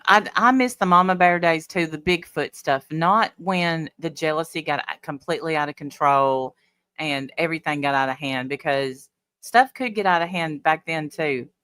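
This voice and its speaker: A woman's voice: low voice, moderate pace, a bit bright, smooth, no echo. A woman hosting a casual livestream, chatting bluntly and talking back to her viewers' comments. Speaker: livestream host. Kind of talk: casual live chat reading comments.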